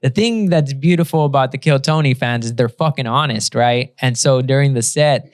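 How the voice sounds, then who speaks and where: A man's voice: mid-range voice, normal speed, no echo, studio quality. A man guest on a podcast, telling a story in loose casual chat with lots of swearing and fillers.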